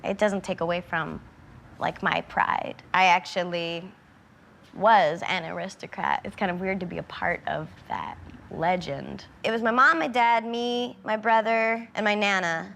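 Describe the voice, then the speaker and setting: A woman's voice: lowish voice, a little slow, gravelly, fairly bright tone, slight background noise. Matter-of-fact woman telling a joke.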